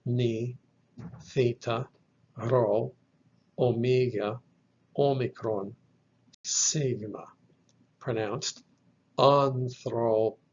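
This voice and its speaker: A man teaching from slides, explaining each term slowly and carefully and spelling words out letter by letter. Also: mid-range voice, breathy edge, highs cut off. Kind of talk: slide lecture.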